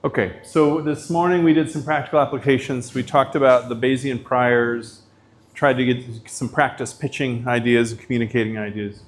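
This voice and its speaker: Man, middle-aged, professor, casual lecture, storytelling, filler words, mid pitch. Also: steady tone, normal speed. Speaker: visiting professor.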